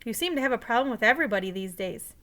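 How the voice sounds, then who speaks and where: A woman's voice: a little high, animated, racing, a bit bright. A woman voicing a mother of two boys, earnest and ready to scold, in a read-aloud story. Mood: patient.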